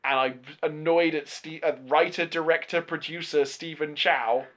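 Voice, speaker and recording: Swearing, animated young man. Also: a little high, moderate pace. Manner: animated, profane ranting. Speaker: podcast co-host. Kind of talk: casual chat. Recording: lo-fi podcast recording.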